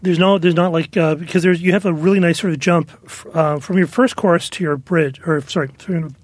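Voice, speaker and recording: Rambling man with a dry, higher voice. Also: fairly even intonation, fairly quick, no room sound. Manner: rambling, full of "like, you know" fillers. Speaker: song critic on panel. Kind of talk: casual studio feedback chat. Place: studio.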